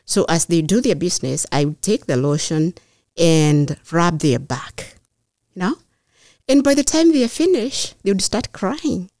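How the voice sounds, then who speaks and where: A middle-aged woman speaks in a lowish, earnest voice, taking her time and pausing to think as she tells her story. The sound is dry and close, with no room around it. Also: lively intonation, a little mellow, no echo. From Kenya. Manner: measured, earnest, pauses with fillers. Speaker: mayoral candidate, guest. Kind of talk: personal storytelling in conversation.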